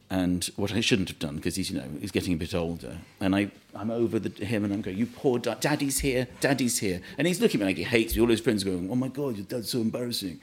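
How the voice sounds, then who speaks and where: A man's voice: lowish voice, a little mellow. A man chatting as a guest, telling rambling, self-deprecating anecdotes with frequent restarts. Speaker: comedian guest. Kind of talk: anecdotal chat.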